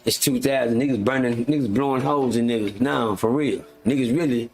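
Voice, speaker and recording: A middle-aged man from West Texas, telling stories in an animated way on a livestream and acting out the people he quotes. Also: fairly quick. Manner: animated storyteller, acts out quoted people in a loud high voice. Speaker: livestream host. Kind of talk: casual storytelling. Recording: noisy livestream audio.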